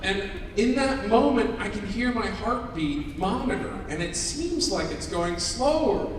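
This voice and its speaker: Animated man telling a story in an echoey hall. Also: high voice, unhurried. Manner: animated, acts out quotes with laughter. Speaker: storyteller on stage. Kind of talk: comic personal story to a live audience. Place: large convention hall. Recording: echoey hall, distant mic, noisy.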